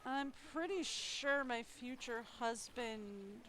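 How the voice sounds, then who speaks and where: A young woman reads a story game aloud to her stream in a fairly high voice, breaking off for playful, wry asides. Her tone stays light and conversational throughout. A faint, steady hiss runs under the recording. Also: slow, low-quality recording.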